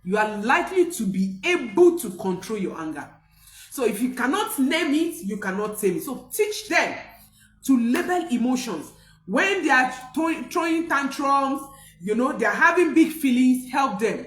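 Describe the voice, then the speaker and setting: A woman's voice: on the high side, big pitch swings, normal speed. Emphatic woman coach in an echoey room. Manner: emphatic, preacher-like repetition, rising to near-shouts. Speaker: parenting coach. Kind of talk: motivational talk to camera.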